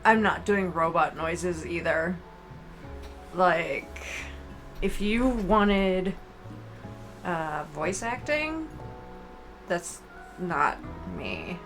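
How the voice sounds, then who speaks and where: A woman's voice: lowish voice, lively intonation, drawn-out words, pauses often, fairly bright tone, soft background music. A woman streamer giving playful, chatty commentary while reading a game aloud. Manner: playful, chatty, giggly asides.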